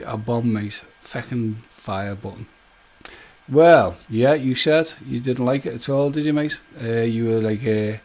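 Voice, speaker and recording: A man hosting a live stream, chatting casually and jokily with viewers and greeting them by name. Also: mid-range voice.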